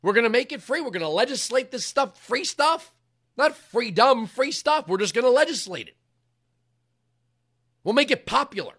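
Man, talk show host, political commentary, impassioned, emphatic, yells at times, high voice, bright tone. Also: lively intonation, brisk, pauses often, breathy edge. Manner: impassioned, emphatic, rises to yelling.

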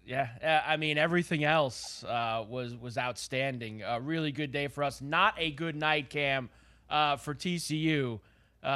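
A man co-hosting a sports betting show, chatting casually and getting worked up about the games. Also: a little high. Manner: excitable, talks up the betting angle, frequent "uh".

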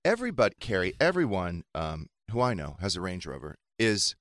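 Man, low register, dry close sound, dramatic storyteller in casual chat. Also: brisk, no room sound. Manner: animated storytelling, acts out quoted voices. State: recovering from high fever. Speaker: podcast co-host.

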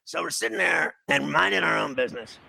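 A man's voice: a little high, brisk, creaky, bright, forceful tone, slightly rough, poor audio. A middle-aged man from New City, telling a casual anecdote and acting out the quoted dialogue. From New York City.

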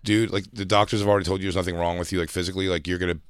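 A man with a low, deep voice talks quickly, rambling frankly through a story with plenty of fillers. He sounds like a comedian co-hosting a casual talk show, close on a studio microphone with a dry, dead sound. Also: little pitch movement, smooth, no room sound. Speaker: podcast co-host, comedian. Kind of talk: casual chat. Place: radio studio.

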